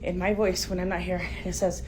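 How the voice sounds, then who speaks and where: A woman's voice: lowish voice, flat delivery, fairly quick. Scared middle aged lady on her phone at home, whispery, noisy recording. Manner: frightened, whispering and exclaiming. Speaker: homeowner filming her house. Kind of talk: handheld phone video. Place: indoors at home. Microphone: phone camera.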